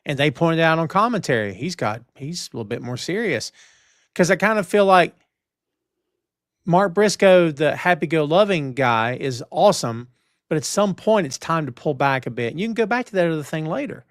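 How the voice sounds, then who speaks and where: A man's voice: fairly high pitch, sing-song, moderate pace, dry recording, clean studio sound. A man co-hosting a podcast in casual chat, opinionated and emphatic, talking from a home setup on a stream. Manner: opinionated, emphatic, old-school wrestling talk. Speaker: podcast co-host.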